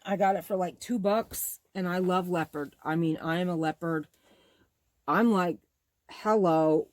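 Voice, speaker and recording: Gushing, rambling woman with a low voice. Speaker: bag-making channel host. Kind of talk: casual show-and-tell vlog.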